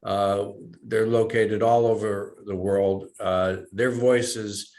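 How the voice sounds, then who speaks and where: A man speaking as a panel participant over a video call, measured with hesitant fillers. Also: lowish voice, little pitch movement, a little mellow.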